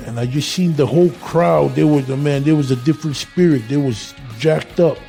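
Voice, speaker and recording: A man's voice: fairly high pitch, normal speed, vocal fry, dark tone, soft background music. A man, a former fighter, telling a story loosely and acting out the dialogue. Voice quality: loose, colloquial, acts out dialogue. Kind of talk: casual storytelling.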